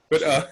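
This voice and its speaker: A man co-hosting a podcast, excitedly recapping a comic chapter in casual chat and laughing often. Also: poor audio. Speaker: podcast co-host.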